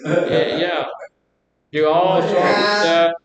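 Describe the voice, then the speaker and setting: A man's voice: fairly even intonation, slow, over loud music. A man from Mississippi with a Southern accent, teaching a group class in a folksy, drawling way and quizzing his students. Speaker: class instructor. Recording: roomy echo, faint rumble.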